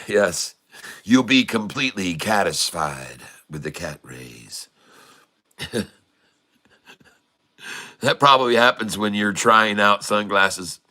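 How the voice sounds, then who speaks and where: A man's voice: fairly low pitch, animated, takes it slowly, pauses often, sharp tone. A middle-aged man hosting a casual livestream, cracking puns and laughing often. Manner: jokey and pun-loving, laughs often. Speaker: livestream host.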